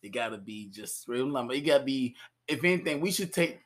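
A man from Georgia, co-hosting a casual comedy podcast, animated and profane, laughing often. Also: mid-range voice, fairly quick. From Georgia, US South. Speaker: podcast co-host.

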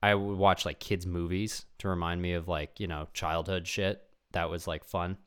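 A young man with a deep, low-pitched voice hosts a podcast solo. He talks in a loose, rambling comedic monologue, swears freely, and slips into quick impressions of people in his stories. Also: clean tone. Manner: rambling, animated, swears a lot, acts out voices. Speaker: podcast host.

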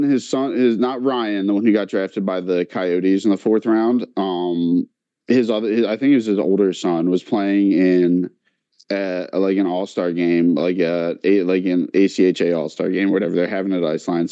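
A man's voice: low-pitched, normal speed, dry recording, dull audio. A man on a podcast telling a long story in casual chat, full of filler likes and quoting others as he goes. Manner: animated, many filler likes, quotes others in voices.

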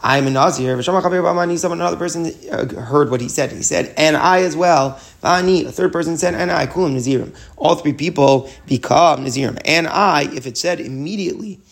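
A man's voice: on the high side, fast, vocal fry, hardly any pauses. A man teaching a Talmud lesson, reading short Hebrew and Aramaic phrases and explaining each in English, often restarting his sentences. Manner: restarts and repeats words while explaining.

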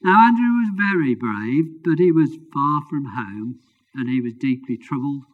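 A man's voice: medium pitch, animated, measured pace. A man preaching a sermon and telling a story, with informal, self-deprecating asides. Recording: dull lo-fi recording.

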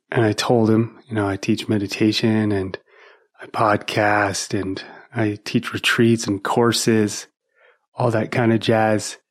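A man hosting a meditation podcast, talking in a relaxed, easygoing way and laughing at his own stories. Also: medium pitch. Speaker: meditation teacher and podcast host. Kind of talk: relaxed podcast monologue with storytelling.

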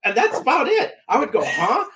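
A man's voice: high-pitched, expressive, a little fast, slight background noise. A man co-hosting a podcast, musing aloud in casual chat with a loose, hesitant delivery. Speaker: podcast co-host. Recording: roomy echo.

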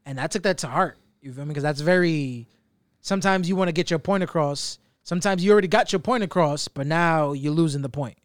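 A man's voice: a little high, fairly quick, no room sound, studio quality. A man co-hosting a podcast in casual chat, rambling in a blunt, profane way. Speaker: podcast co-host.

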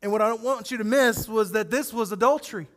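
A male pastor preaching a sermon, animated and acting out scripture scenes as he speaks directly to his congregation. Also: sits high, fast, long reverb tail.

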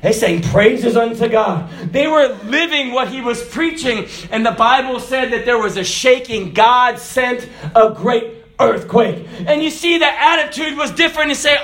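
A man preaching a sermon in a folksy, animated way, often laughing and sometimes shouting. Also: very high-pitched, normal speed, echoey room. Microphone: phone recording.

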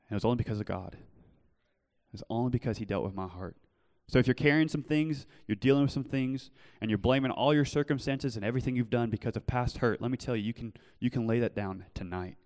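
A young man preaching earnestly in a church, telling his own story and then pleading gently with listeners. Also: medium pitch, brisk, long reverb tail. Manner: earnest, shifts from loud storytelling to soft pleading. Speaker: pastor. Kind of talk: sermon with personal testimony. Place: church hall.

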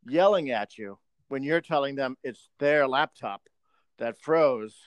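A man's voice: mid-range voice, a little slow, dry recording, lo-fi sound. A man co-hosting a podcast, telling a profane work story in casual chat.

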